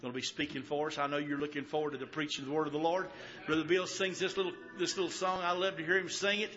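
A man's voice: a little high, fairly even intonation, fast, pushed and bright. A man leading a church service, hurriedly introducing the singer and the speaker. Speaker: pastor. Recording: lo-fi church recording with congregation.

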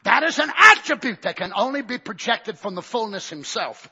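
A man preaching a fiery Pentecostal sermon, swinging from shouts to hushed near-whispers. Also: high voice, sing-song, moderate pace, hardly any pauses, breathy edge, muffled recording.

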